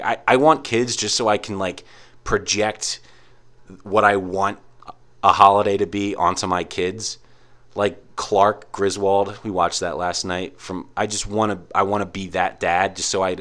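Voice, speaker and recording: A young man rambles through a profane, casual rant, packing every sentence with "like" and restarts. His voice sits a little low, and he talks like a podcast host holding forth on his own. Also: fairly bright tone. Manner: rambling, heavy use of "like", profane. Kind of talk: casual ranting monologue.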